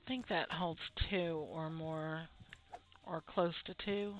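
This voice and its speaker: A woman's voice: low-pitched, fairly even intonation, takes it slowly. A woman in a drowsy, laid-back voice, chatting through her gameplay as she builds up a shop. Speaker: gameplay video host. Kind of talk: relaxed gameplay commentary. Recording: tinny phone-like audio with faint game music.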